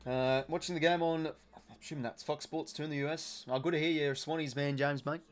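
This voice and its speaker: A man's voice: fairly high pitch, fairly even intonation, fairly quick. A young Australian man hosting a casual live watch-along, chatting through the game and reading out viewers' comments. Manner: chatty, reads out viewer comments, filler-heavy.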